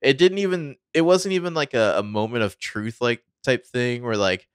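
A man's voice: medium pitch, normal speed, smooth, dry recording, studio quality. A man co-hosting a podcast in casual chat, rambling and acting out characters as he talks. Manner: rambling, animated quoting of characters. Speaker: podcast co-host.

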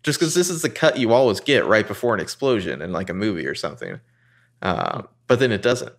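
A man co-hosting a casual podcast, recapping a TV episode and quoting the characters in excited voices. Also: a little fast, vocal fry. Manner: animated, jumps into high voices quoting characters.

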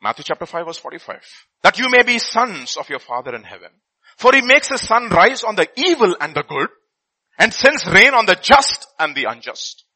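A man delivering a sermon with a high, lively and husky voice. He reads scripture and swings between loud bursts and quiet asides, with a bright edge throughout. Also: moderate pace, rough recording. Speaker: preacher.

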